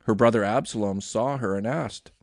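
A man hosting a daily Bible reading, reading scripture aloud with expressive, animated delivery. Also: lowish voice, normal speed, no echo, clean studio sound. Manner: expressive reading with lively voiced quotes.

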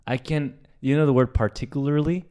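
A man in the middle of the usual pitch range co-hosts a casual comedy podcast. He rants in an animated way, swears freely and jokes around. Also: a little fast, clear, resonant tone. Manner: animated, profane, jokey rants. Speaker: podcast co-host.

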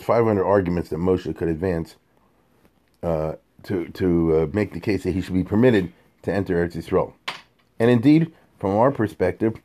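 A man giving an informal Torah lecture in a lively, conversational way, mixing in Hebrew and Yiddish terms. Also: low-pitched. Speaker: Torah teacher.

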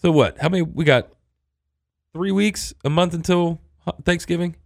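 A man co-hosting a local radio talk show, telling a story in a casual, chatty way and quoting people in lively voices. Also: sits high, normal speed, creaky, no echo, clean studio sound.

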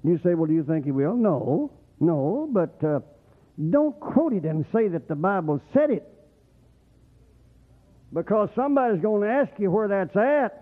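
A man preaching a folksy, rambling sermon as the pastor, getting excited and whooping at times. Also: sits high, measured pace. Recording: tinny phone-like radio broadcast.

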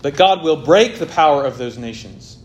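A man preaching an expository sermon, swelling loud on key points and dropping very soft, with faint noise behind him. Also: on the high side, lively intonation, normal speed, dull audio.

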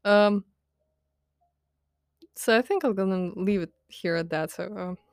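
A woman's voice: medium pitch, unhurried, no room sound, studio quality. A young adult woman hosting a podcast, ranting casually in a diary style, rambling with lots of fillers, laughing often and poking fun at herself. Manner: self-mocking, candid. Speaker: podcast host.

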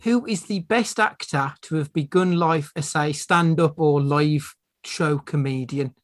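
A man's voice: on the high side, measured pace. A British man hosting a podcast, asking the others questions in a wry, casual way. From Britain. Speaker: podcast host. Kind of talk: casual chat.

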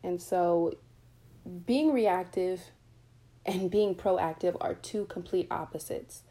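Woman, podcast host, earnest, candid, warm low tone. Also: takes it slowly. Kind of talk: motivational faith podcast.

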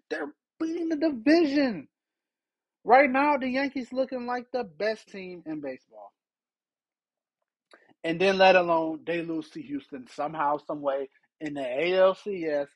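A man's voice: high voice, normal speed, poor audio. A man hosting a solo sports podcast, ranting with exasperated rhetorical questions. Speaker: podcast host.

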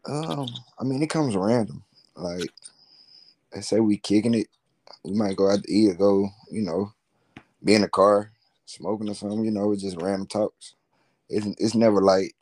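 Homem de voz bem grave, descontraído. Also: male voice, lowish voice, normal speed, long pauses, a little mellow. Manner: laid-back, rambling, slangy. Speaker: guest, musician and entrepreneur. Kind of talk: casual interview chat.

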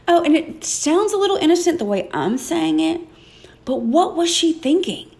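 A woman hosts a podcast and retells a Bible story with playful drama, slipping into the characters' voices and laughing at her own asides. Her pitch swings widely and her delivery stays animated throughout. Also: normal speed, creaky. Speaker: podcast host.

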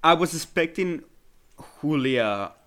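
A man co-hosting a podcast, talking about a film in a halting, enthusiastic way with many restarts. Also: on the high side, expressive, bright, forceful tone. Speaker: podcast co-host. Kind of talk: casual film discussion.

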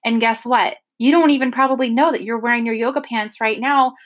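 A woman's voice: fairly high pitch, fairly even intonation, a little fast. A woman co-hosting a podcast in casual chat, talking chattily with lots of "like" and "oh my gosh". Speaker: podcast co-host.

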